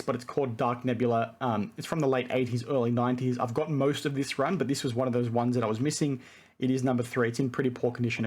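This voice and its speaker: A man's voice: medium pitch, slightly rough. An Australian man in his thirties chatting casually to camera at home, enthusiastic and rambling with lots of "you know" and "right?". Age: 30s. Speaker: vlogger and card collector. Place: home room full of collectibles.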